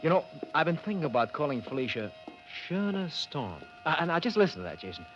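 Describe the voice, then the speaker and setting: A man's voice: a little high, sing-song, racing, fairly bright tone, faint music behind. An actor playing a wheedling, salesy Hollywood publicity man in a 1950s radio drama, on an old, dull broadcast. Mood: pushy. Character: pushy fast-talking Hollywood publicity man.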